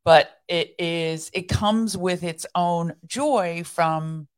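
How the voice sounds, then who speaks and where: She speaks extremely slowly, her voice leaning low. The woman, a podcast co-host, thoughtfully and sincerely describes her faith story in an informal discussion of faith.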